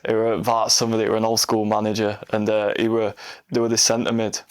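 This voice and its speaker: A man, co-hosting a casual podcast, jokey and quick to laugh. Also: lowish voice, monotone, clear, resonant tone. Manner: jokey, laughing, brief agreements.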